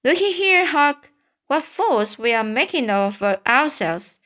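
An eager, bold boy hunting treasure in a storybook, as a woman reads him aloud. The voice sits fairly high and moves slowly, with halting restarts here and there. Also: big pitch swings, a bit bright, full character voice.

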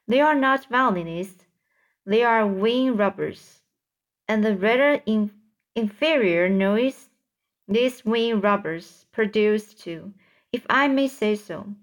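A woman's voice: mid-range voice, expressive, takes it slowly. A woman reading a storybook aloud and voicing a kindly, proud old male grasshopper who lectures fussily and trips over words. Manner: fussy, lecturing, stumbles on words.

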